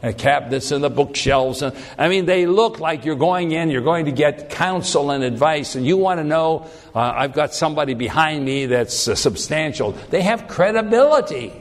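A man's voice: on the high side, animated, normal speed. A man teaching a conversational sermon, telling stories in a folksy, rambling way with frequent restarts. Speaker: Bible teacher. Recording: long hall reverb.

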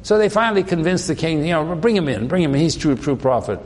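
A man's voice: on the high side, big pitch swings, fast, a little mellow, husky. A man preaching a sermon in a conversational way, acting out the voices of the people he quotes. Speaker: pastor. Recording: long reverb in a hall.

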